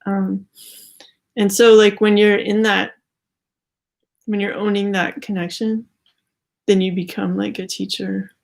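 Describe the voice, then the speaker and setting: A woman's voice: medium pitch, level tone, a little slow, creaky, long pauses. A young adult woman giving a casual spiritual tarot reading, rambling with many "like" fillers and slightly out of breath. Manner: rambling, heavy use of "like" fillers. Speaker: tarot card reader.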